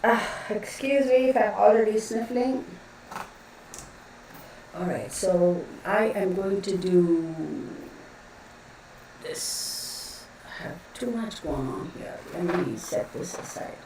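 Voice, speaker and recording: A woman's voice: mid-range voice, expressive, slow pace, pauses often, a little mellow. Woman hosting a tarot live stream, talkative and rambling, heard from across a very echoey room. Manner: chatty, rambling, greets viewers by name. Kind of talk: casual live-stream chat. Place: home room with a fan running. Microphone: distant mic, noticeable echo. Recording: very echoey room, voice far from mic, faint fan noise.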